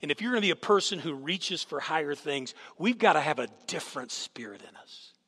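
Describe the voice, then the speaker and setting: A man's voice: on the high side, expressive, fairly quick, bright, forceful tone, husky. A man preaching a sermon as a guest speaker, telling stories with animation and putting questions to the congregation. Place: church sanctuary. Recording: long hall reverb.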